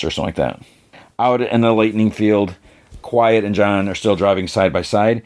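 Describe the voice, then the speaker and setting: A man's voice: lowish voice, normal speed, darkish tone. A man hosting a podcast, recapping a TV episode casually, full of fillers and briefly voicing the characters. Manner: rambling, filler-heavy, briefly voices characters. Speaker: podcast host.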